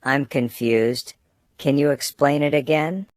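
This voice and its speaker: A man's voice: on the high side, measured pace, no room sound. Man reading student phrases, dry and close. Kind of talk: scripted phrase reading for learners.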